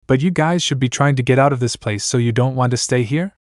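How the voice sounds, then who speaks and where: A man's voice: mid-range voice, a little fast, no room sound, clean studio sound, natural voice. A man reading the part of a newly arrived boy who is impatient and sarcastic. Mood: demanding. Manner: demanding, sarcastic.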